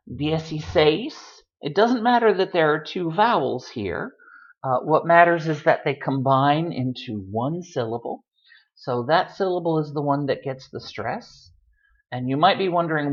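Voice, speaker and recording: A man's voice: fairly high pitch, muffled recording. A man giving a video lesson, patiently repeating words to show where the stress falls. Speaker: Spanish tutor.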